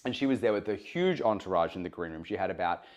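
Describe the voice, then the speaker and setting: A man, a journalist and broadcaster, telling animated stories as an interview guest, often restarting his sentences. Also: deep voice, quick pace. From Australia. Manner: animated, eager, self-interrupting anecdotes. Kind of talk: conversational storytelling.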